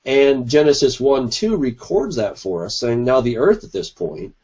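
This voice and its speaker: A man's voice: mid-range voice, big pitch swings, moderate pace, darkish tone, breathy edge. A man presenting his side in a debate, explaining in a teacherly way with everyday examples. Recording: dull lo-fi recording.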